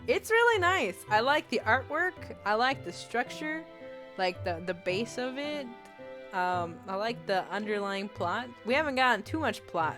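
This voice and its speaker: Young woman, twenties, let's-play host; rambling, giggly chatter, a bit high-pitched, soft game music underneath. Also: lively intonation, a little slow. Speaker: streamer playing a game and reading chat. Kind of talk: casual let's-play chat. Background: faint game music.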